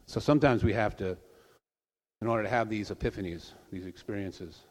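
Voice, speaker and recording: A man giving an informal sermon, telling stories in a conversational way with soft trailing asides. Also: fairly low pitch, fairly quick, long reverb tail. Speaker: preacher.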